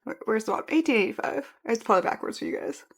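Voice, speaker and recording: A woman's voice: on the high side, animated, rapid-fire. A woman vlogging casually from a room at home, chatting in a rambling way and correcting herself as she goes. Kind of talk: casual vlog chat.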